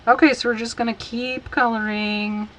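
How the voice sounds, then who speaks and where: A woman teaching a casual stamping tutorial, chatty and unhurried as she talks while working. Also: fairly high pitch, little pitch movement, a bit bright, slight background noise, low-quality recording. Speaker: card-making instructor.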